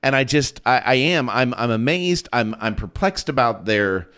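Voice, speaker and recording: A man's voice: medium pitch, expressive, moderate pace, fairly bright tone, smooth. A man co-hosting a podcast, earnestly talking through a Bible passage in casual conversation, asking pointed questions with restarts. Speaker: podcast co-host.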